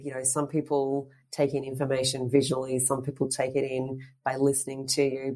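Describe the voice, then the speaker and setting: A woman with a strikingly low voice talks casually in an interview. She is middle-aged and tells stories in a rambling, chatty way, full of fillers and restarts. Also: a little mellow. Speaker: guest, fitness instructor and presenter.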